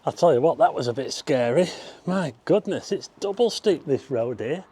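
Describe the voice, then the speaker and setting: A man's voice: on the high side, lively intonation, moderate pace, dark tone, a little hiss or hum. An older man chatting to viewers as he drives and climbs a hill, exclaiming and getting out of breath. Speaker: walking vlogger. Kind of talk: casual vlog narration. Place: outdoors, driving then hillside walk.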